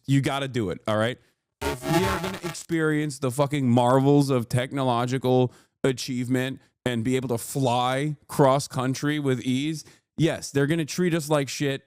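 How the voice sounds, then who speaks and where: Into a studio microphone fed through a mixer, a livestream host in his thirties rants heatedly in casual stream chat, profane and loaded with fillers. His medium-pitched voice has a darkish, clean tone, recorded dry.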